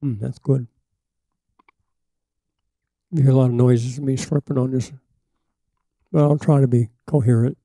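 Older preacher with a dark, dry voice. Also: male voice, medium pitch, steady tone, a little slow, long pauses, no echo. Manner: emphatic, rising to forceful peaks then dropping to asides. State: coughing, frog in his throat. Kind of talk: sermon teaching.

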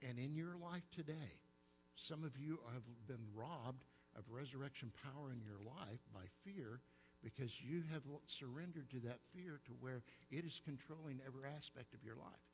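A middle-aged man with an Oklahoma accent, preaching a sermon in church, telling stories in an animated way. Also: medium pitch, normal speed, a little hiss or hum, poor audio. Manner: storytelling, animated, acts out childhood fear. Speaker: pastor. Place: church sanctuary.

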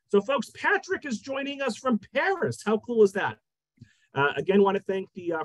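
Upbeat high-voiced man hosting online. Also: dry recording, rough recording. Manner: upbeat, reading from notes. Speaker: library program host. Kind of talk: event introduction. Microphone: video call.

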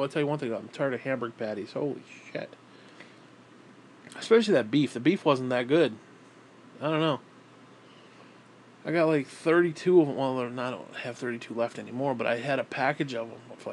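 A man's voice: medium pitch, a little mellow, slight background noise. A man rambling casually on camera, swearing often and switching into baby talk with his pet. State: broke and frustrated. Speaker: vlogger.

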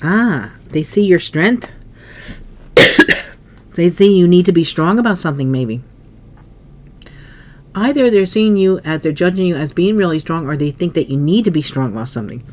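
A woman with a fairly low voice talks through a tarot spread, thinking aloud and pausing to cough or clear her throat. A faint hiss sits under the recording. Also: lively intonation. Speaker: tarot reader. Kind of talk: casual tarot reading.

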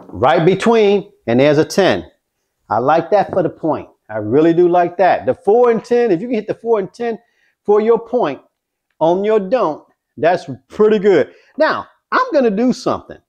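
A man vlogging his craps practice, talking viewers through each throw with excitement. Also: sits high, highs cut off. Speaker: dice-control craps vlogger. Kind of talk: casual play-by-play while throwing dice.

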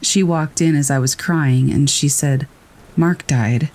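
A man reading scary first-person stories aloud in a calm, steady storytelling voice. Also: on the high side, measured pace. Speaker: narrator. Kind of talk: scripted narration of scary stories. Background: rain.

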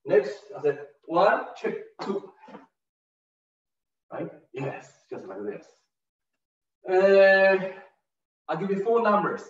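Slow-counting tai chi teacher, man. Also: a little high, very animated. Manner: counts beats aloud, short broken phrases. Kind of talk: step-by-step movement instruction. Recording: distant roomy lo-fi recording.

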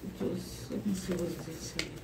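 A woman's voice: low-pitched, fairly even intonation, normal speed, heavy background noise. A woman vlogger unboxing a new laptop, gushing and repeating her exclamations again and again, laughing between lines. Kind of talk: excited unboxing vlog.

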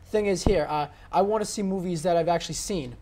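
A man's voice: sits high, brisk, darkish tone. A man co-hosting a casual movie debate, arguing emphatically with lots of fillers and repeated words. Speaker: co-host.

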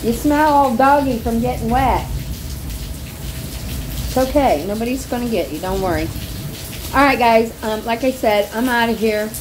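A woman's voice: a little high, moderate pace, pauses often. A woman chatting casually to camera at home, frank and folksy, swearing freely. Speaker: vlogger. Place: home, porch and pool area in rain. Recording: rain noise clearly behind.

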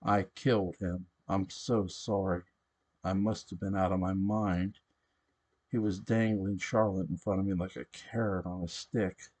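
A man reading aloud, voicing a frantic, guilt-stricken young woman who pleads hysterically in a low voice. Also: fairly even intonation, a little slow, a little mellow. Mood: anguished.

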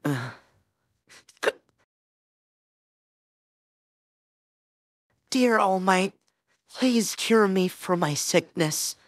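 A woman's voice: medium pitch, animated, slow pace, no room sound, clean studio sound. A woman voicing a flustered teenage boy hero-in-training, rambling anxiously and talking himself up in a listener role-play. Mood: frustrated. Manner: rambling, anxious, self-encouraging.

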